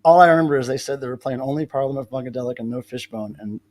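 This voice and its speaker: A man's voice: mid-range voice, rapid-fire, a little mellow. A man hosting a casual live stream, telling rambling stories with many restarts. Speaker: livestream host.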